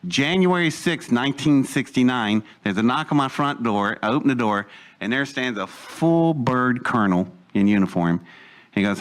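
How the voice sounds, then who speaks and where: A man in the middle of his own pitch range tells a rambling anecdote to a live audience. He slips into other people's voices for their lines and laughs at his own story as he goes. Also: expressive, normal speed. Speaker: storyteller guest.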